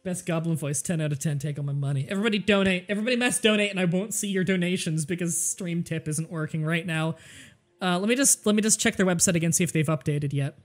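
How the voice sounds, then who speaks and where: A woman's voice: fairly low pitch, fast talker. A woman streaming a strategy game, joking, swearing freely and thinking aloud, with faint music behind. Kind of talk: casual gameplay livestream commentary.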